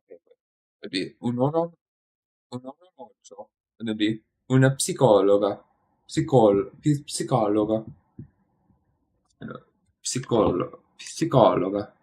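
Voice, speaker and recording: A man thinking aloud while studying, hesitant and questioning himself, often trailing off into a quiet mutter. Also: lowish voice, lively intonation, unhurried, long pauses, slightly rough. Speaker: streamer studying Italian.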